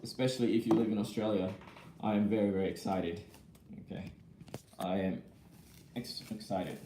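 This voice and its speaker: A man's voice: lowish voice, steady tone, normal speed, roomy sound, very noisy. A young man chatting casually while unboxing a laptop, rambling and laughing as he answers viewer comments. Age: young adult. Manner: laughs often between remarks. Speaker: vlogger. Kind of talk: casual live-chat unboxing.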